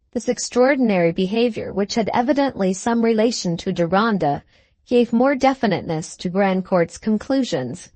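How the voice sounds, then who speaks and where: A woman narrating a classic novel at a steady, measured pace, her voice in a middling register. The recording is dry and close, with no room sound at all. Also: medium pitch, dry recording. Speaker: audiobook narrator. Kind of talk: scripted narration.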